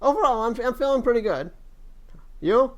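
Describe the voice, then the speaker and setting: A man hosting a casual wrestling podcast over a remote call, relaxed, stumbling over and repeating words, swearing casually. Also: very high voice, moderate pace. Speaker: podcast host.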